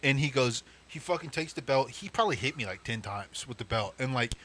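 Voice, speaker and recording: A young man co-hosting a podcast, telling stories in a casual, animated way, swearing and laughing as he goes. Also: mid-range voice, fairly quick. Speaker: podcast co-host. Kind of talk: casual storytelling chat.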